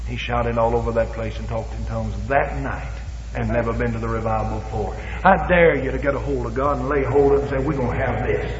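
A man with a mid-range voice preaches a Pentecostal sermon fairly quickly and with fervent emphasis, acting out bits of dialogue. He's in a church or revival hall, and the recording is echoey and dull lo-fi, with slight background noise.

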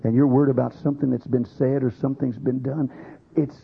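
A man's voice: mid-range voice, level tone, fast talker, vocal fry, husky, narrow, tinny audio. A man preaching a sermon, acting out quoted voices as he goes. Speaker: pastor.

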